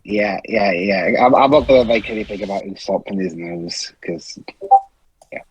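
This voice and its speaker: A man's voice: lowish voice, normal speed, husky, muffled recording. A man giving casual gaming commentary, dry and hesitant, with plenty of ums. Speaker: let's play commentator.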